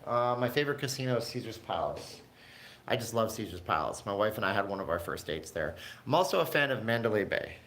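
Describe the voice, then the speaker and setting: A man's voice: lowish voice, big pitch swings, fast talker, a bit bright, a little hiss or hum. A middle-aged man from Canada hosting a casual livestream from home, reading viewer comments in a rambling, joking, chatty way. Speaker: livestream host.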